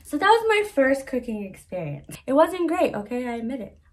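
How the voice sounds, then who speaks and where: Woman, vlogger, somewhat high voice, slangy, laid-back, self-mocking, casual storytelling. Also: sing-song, fairly quick.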